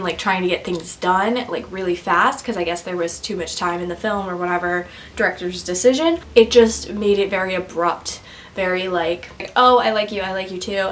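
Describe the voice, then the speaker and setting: A woman's voice: medium pitch, a bit bright, low-quality recording. Young woman gabbing about a book n movie, giggly, lots of likes, faint hiss behind. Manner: chatty, giggly, lots of fillers. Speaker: book vlogger. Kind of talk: casual chat to camera.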